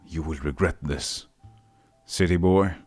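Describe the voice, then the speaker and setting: A man voicing a chuckling, grieving and treacherous male town mayor in a low, hushed, brooding way. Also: fairly even intonation, a little slow, soft background music. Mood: threatening.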